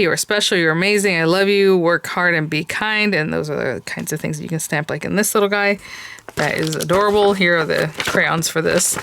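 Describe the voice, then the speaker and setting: A woman's voice: on the low side, gravelly, a bit bright, smooth, no room sound. Gushing woman unboxing craft supplies. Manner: chatty and gushing, many fillers. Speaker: crafting channel host. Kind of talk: product unboxing and review.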